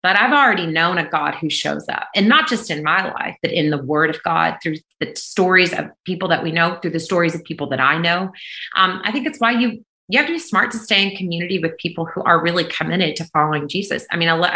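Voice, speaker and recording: A woman worship singer, a guest on a remote call, sharing her faith in an earnest, emphatic, deliberate way. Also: fairly low pitch, pushed and bright, echoey room, poor audio. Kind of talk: heartfelt faith testimony in conversation.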